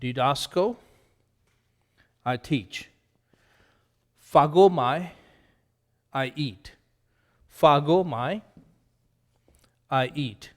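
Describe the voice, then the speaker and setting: Slow, deliberate man drilling vocabulary. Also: on the high side, in a large hall. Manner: slow, deliberate repetition of each word. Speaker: Greek teacher.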